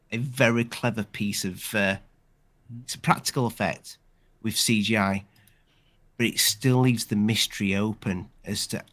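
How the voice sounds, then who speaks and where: A man's voice: fairly low pitch, a bit bright, no room sound. A man hosting a casual live discussion, chatting in a rambling way with many restarts. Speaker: channel host.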